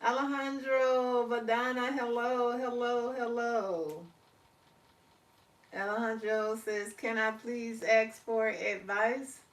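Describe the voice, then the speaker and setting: Chatty woman, slow and drawn-out. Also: a little high, fairly even intonation, distant mic. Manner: chatty, laughs often, drawls words slowly; warm encouraging sign-off with spiritual talk. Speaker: livestream host. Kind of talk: casual live-stream chat reading comments.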